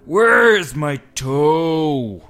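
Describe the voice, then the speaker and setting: A man voicing a groaning monster hunting for its lost toe, drawn out slow and loud. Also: a little high, very animated, pitched above the performer's own voice, full character voice.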